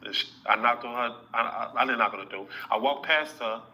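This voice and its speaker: Boastful man with a very bright voice. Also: medium pitch, fairly quick, low-quality recording. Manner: boastful and slangy, with frequent tag questions. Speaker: rapper telling a story in an interview clip. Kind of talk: casual storytelling.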